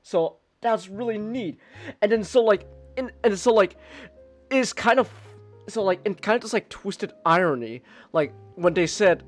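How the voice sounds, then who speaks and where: Hosting a live podcast, a man rambles casually about a film he enjoyed, full of restarts and filler words. His voice sits high and moves at a moderate pace over faint background music.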